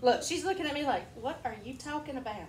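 Casting: kindergarten teacher, patient, fairly high voice, roomy echo. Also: female voice, quick pace, a little hiss or hum. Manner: patient, explains with examples. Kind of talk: classroom teaching. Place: echoey classroom. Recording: echoey classroom.

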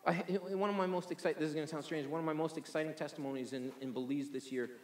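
A man's voice: on the high side, steady tone, fast, roomy sound. A man preaching a sermon energetically, often repeating words as he restarts. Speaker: pastor.

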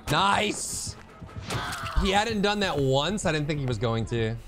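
A man commentating his own gameplay, excitable and teasing, swinging from quiet mutters to sudden shouts. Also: fairly high pitch, measured pace, music in the background. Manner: banters with the opponent, teasing.

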